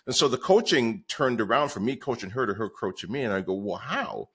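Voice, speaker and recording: A man's voice: medium pitch, quick pace, a bit bright, husky. A man guesting on a podcast, telling stories in a rambling, conversational way with many fillers. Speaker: podcast guest, real estate coach. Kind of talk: conversational storytelling.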